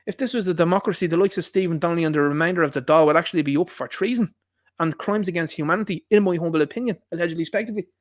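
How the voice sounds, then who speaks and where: Irish male stream host, rapid indignant rant, slightly high voice, dry close sound. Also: dry recording. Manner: indignant ranting with rhetorical questions. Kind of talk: opinionated political monologue.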